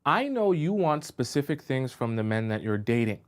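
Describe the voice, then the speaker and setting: A man's voice: mid-range voice, sing-song, normal speed. Man hosting a dating advice stream. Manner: conversational, checks in with rhetorical questions. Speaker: dating coach and show host. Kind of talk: live-stream advice talk.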